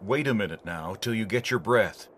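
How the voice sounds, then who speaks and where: A woman putting on a stern, gruff old man. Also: a bass voice, animated, normal speed, slight background noise, voice pushed down. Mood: anxious. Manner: cold, commanding. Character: stern old male hotel keeper.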